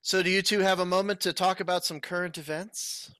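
A man's voice: high-pitched, fairly even intonation, a little fast, pushed and bright, clear, resonant tone, no room sound, studio quality. A man hosting a podcast, chatting casually and drifting into rambling asides. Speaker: podcast host. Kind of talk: casual chat.

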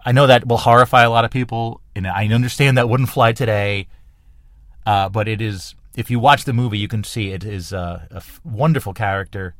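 A middle-aged New Jersey man hosts a podcast alone, his fairly low voice captured in a dry, clean studio recording. He rambles enthusiastically through a casual monologue, often restarting and correcting himself.

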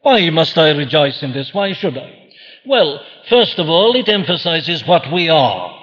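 A man's voice: a little high, sing-song, unhurried, big-room sound, highs cut off. A man preaching a sermon earnestly, posing questions and answering them himself. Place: church.

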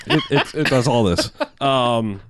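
A man's voice: medium pitch, unhurried, dry recording. A man on a podcast casually retelling a movie's plot, acting out the characters' lines. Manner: animated retelling with acted-out quotes, frequent restarts. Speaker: podcast host. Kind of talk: casual movie-recap chat.

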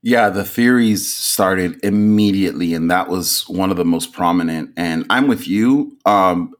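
A man co-hosting a podcast in casual chat, animated and often laughing. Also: low voice, unhurried. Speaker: podcast co-host.

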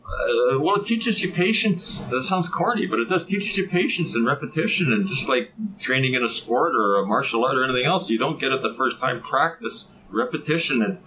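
An older man chatting as a podcast guest, a relaxed storyteller who chuckles as he talks. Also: mid-range voice, brisk, hardly any pauses, low-quality recording. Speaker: guest, father of a co-host. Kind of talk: casual podcast chat.

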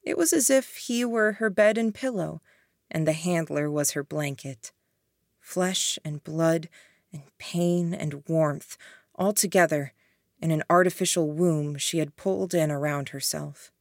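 A woman reads an audiobook in an even, measured way. Her voice sits on the low side and she takes her time. The recording is close and dry. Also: dry recording. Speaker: audiobook narrator. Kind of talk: scripted narration.

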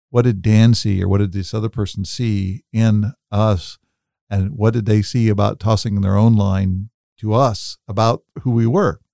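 A man's voice: on the low side, gravelly, mellow, no room sound, clean studio sound. A man co-hosting a podcast, talking in a thoughtful, coaching way and telling stories from his own life. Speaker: podcast co-host. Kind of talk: reflective podcast talk.

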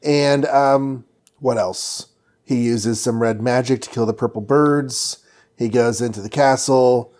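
A man's voice: medium pitch, fairly even intonation, a little mellow. Casual man retelling a comic with jokes. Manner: jokey, does quick silly voices for characters. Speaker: comic book podcast host.

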